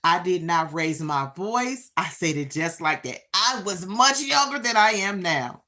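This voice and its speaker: A woman hosting a live stream, telling a casual story straight to her viewers with emphatic, drawn-out phrases. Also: fairly low pitch, animated, pushed and bright.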